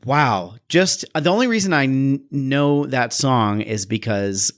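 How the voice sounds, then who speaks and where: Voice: medium pitch, animated, unhurried. A co-host chatting casually about a movie, playful and wry. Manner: playful, wry, laughs often. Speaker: podcast co-host. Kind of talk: casual movie-review chat.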